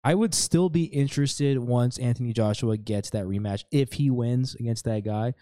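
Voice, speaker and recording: A man's voice: medium pitch, normal speed, dark tone, no room sound, clean studio sound. A young man co-hosting a podcast, easygoing and rambling, with frequent laughs, in casual chat. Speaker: podcast co-host.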